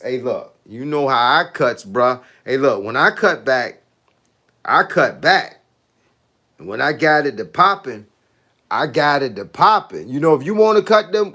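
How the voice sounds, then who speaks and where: A middle-aged fitness coach chats casually with viewers on a live stream, his voice on the high side, pushed and bright. He's laid-back, laughs often, and keeps repeating "hey, look" and "bro."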